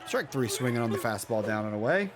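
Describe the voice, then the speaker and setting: A man in his thirties doing casual play-by-play of a baseball video game, chatty and joking, with excited outbursts. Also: mid-range voice, fast, background noise. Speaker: play-by-play commentator.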